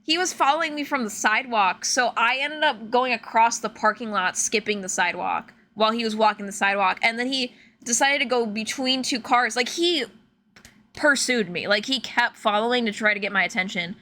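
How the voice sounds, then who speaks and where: A young woman from Illinois, a streamer telling stories in casual, animated chat full of fillers while she plays a game. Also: fairly high pitch, fairly quick, slight background noise. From Illinois, USA. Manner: animated, chatty, filler-heavy, laughs often. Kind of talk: casual storytelling while gaming.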